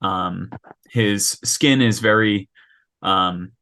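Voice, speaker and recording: A man acting as game master, describing a character with many ums and pauses over a video call. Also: lowish voice, sharp tone. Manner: hesitant, many ums and restarts.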